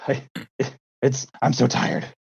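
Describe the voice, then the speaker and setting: A man's voice: slow pace, muffled recording. A young man, a teacher and coach, chatting casually on a podcast, rambling with lots of fillers and quoting people in playful voices. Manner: rambling with many fillers, acts out quoted voices. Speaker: podcast co-host, schoolteacher and coach. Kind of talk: casual storytelling chat.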